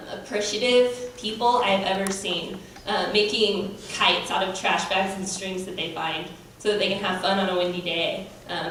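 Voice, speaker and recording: A woman's voice: mid-range voice, a bit bright. A woman gives an earnest church testimony, hesitating often. She sounds distant in a large reverberant hall, with faint background noise. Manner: earnest, many um fillers. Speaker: mission team member. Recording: echoey hall from far off.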